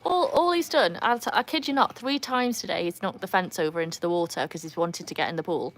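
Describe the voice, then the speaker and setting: A woman's voice: lowish voice, fast. A woman from North Wales with a Welsh accent, chatting casually on a live stream from beside a backyard pool, laughing often and talking to her dogs. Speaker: livestream host. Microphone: phone.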